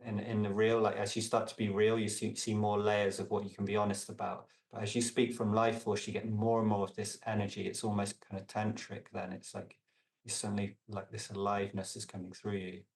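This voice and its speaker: Man, low voice, monotone delivery, meandering with fillers, slightly distant mic. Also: fairly quick, gravelly, roomy sound. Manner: meandering, lots of fillers and restarts, trails off softly. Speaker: podcast guest, relational coach. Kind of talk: casual reflective conversation.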